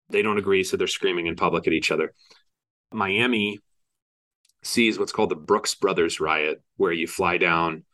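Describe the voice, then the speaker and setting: A man co-hosting a podcast, explaining political history in a steady, detailed way with frequent asides. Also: deep voice.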